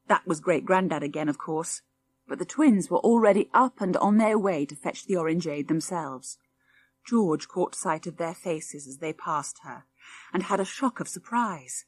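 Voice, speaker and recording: A woman narrating an audiobook, telling the story in a clear, expressive way. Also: low voice, normal speed. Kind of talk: scripted narration.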